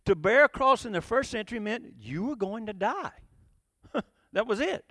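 Lively high-voiced man preaching. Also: normal speed, no room sound, studio quality. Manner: animated, rhetorical questions, frequent chuckles. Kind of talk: sermon.

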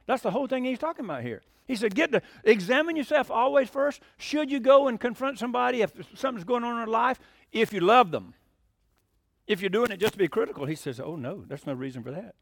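A man's voice: extremely high pitch, lively intonation, fairly quick, no echo, clean studio sound. A man preaching a sermon, telling folksy stories and asking the congregation questions. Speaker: pastor.

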